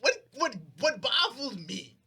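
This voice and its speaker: A man's voice: extremely high pitch, slow, creaky, slightly rough. A young man co-hosting a podcast, casually recapping a plot and acting out the characters' lines. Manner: animated storyteller, acts out characters' lines, frequent restarts. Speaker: podcast co-host.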